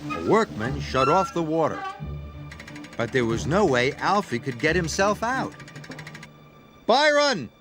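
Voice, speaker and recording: Slow, very lively male storyteller. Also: a little high. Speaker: narrator. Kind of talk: storybook read-aloud. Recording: read-aloud over background music. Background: music.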